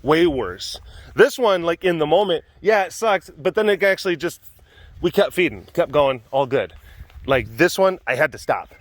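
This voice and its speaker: A man chats casually as host of an animal facility vlog. His voice sits fairly high and swings widely, and he laughs often and restarts his sentences as he goes. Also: lively intonation, moderate pace.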